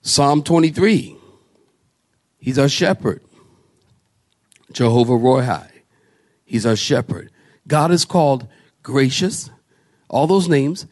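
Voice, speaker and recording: A man preaching a sermon as pastor, quizzing his congregation and swinging from slow, low scripture readings to raised emphatic lines. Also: a little mellow. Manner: preaching with call-and-response questions to the congregation; slows and drops low for scripture names, rises high for emphasis.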